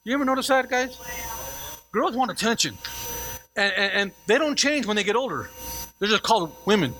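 A man preaches with a high, bright voice that swings widely in pitch. He calls on the congregation to answer back and tosses in playful asides. A faint hum sits under the recording. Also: fairly quick. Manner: animated preaching with call-and-response to the congregation; repeats words and restarts, playful asides. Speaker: pastor. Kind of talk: sermon.

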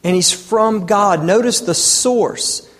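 A man's voice: sits high, slow, a bit bright, long reverb tail. A man in his thirties preaching a sermon, asking rhetorical questions and pressing his points with emphasis. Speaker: pastor.

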